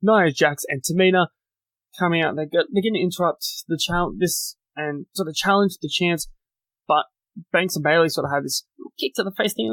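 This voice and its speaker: Man, chatty podcast recap, fairly high voice, dry close sound, opinionated asides. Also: moderate pace, fairly bright tone, dry recording. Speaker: podcast host. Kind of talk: solo wrestling recap podcast.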